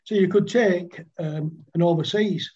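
At a measured pace, this older man, a former cricketer on as a guest, spins rambling cricket-club yarns in a casual conversation, laughing often. His voice is high and warm with a breathy edge, and the recording is muffled.

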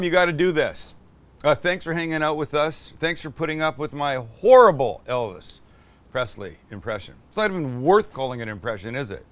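A man's voice: a little high, lively intonation, fairly quick, fairly bright tone, no room sound. A middle-aged man hosting a cooking show in casual, enthusiastic chat, full of exclamations as he cooks.

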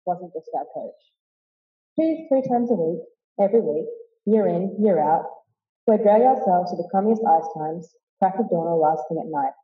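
A young woman giving a wry, vivid memorial speech full of stories. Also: fairly low pitch. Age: young adult. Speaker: eulogy speaker. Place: woolshed hall. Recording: roomy, dull hall sound.

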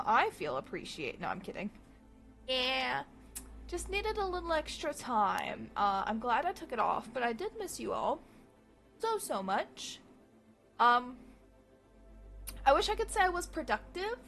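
A woman streamer with a high-pitched voice chats casually and animatedly with her live audience, swearing freely.

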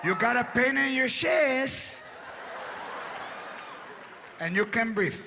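A man's voice: high-pitched, animated, a little slow, background noise. A man voicing an older woman who scolds and taunts her ailing husband sarcastically. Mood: sarcastic scolding. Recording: live stage with loud crowd.

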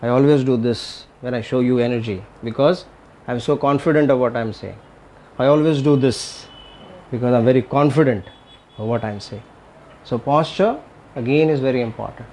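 A man with a medium-pitched, darkish voice teaches tai chi and qigong in a live talk, speaking at normal speed over slight background noise. He is emphatic and repetitive, often checking in with the audience by asking "Okay?"

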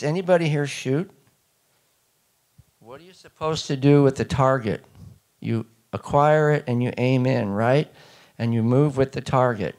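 Emphatic man lecturing an audience. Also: mid-range voice. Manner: emphatic, asks the audience questions. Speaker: speaker at a public talk. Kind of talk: public lecture to a live audience.

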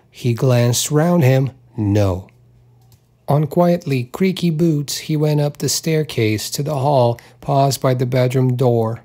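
A man with a mellow, medium-pitched voice reads a literary novel aloud for an audiobook. He takes a measured, unhurried pace and gives the characters slight vocal touches.

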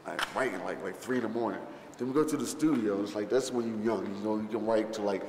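In a casual interview about a film shoot, a man with a fairly low, gravelly voice speaks at a quick pace over background noise. The echoey hall adds long reverb and faint ambience, and he rambles profanely with fillers and restarts, vividly acting out what others said.

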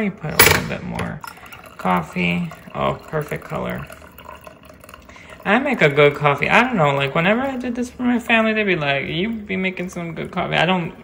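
A man's voice: on the high side, gravelly, noisy background. A man chatting casually in a home vlog, playful and theatrical while making coffee at home. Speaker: vlogger.

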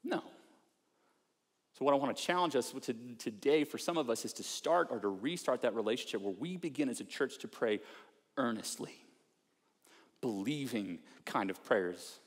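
A man's voice: mid-range voice, expressive, moderate pace, long reverb tail. A man preaching a sermon as a pastor, speaking earnestly and conversationally and acting out heartfelt prayers. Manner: earnest, conversational preaching with acted-out prayers and mock self-talk. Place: large church auditorium.

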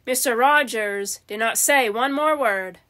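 A woman reading a children's storybook aloud in a plain, unhurried manner. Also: a little high, a bit bright. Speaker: storybook reader.

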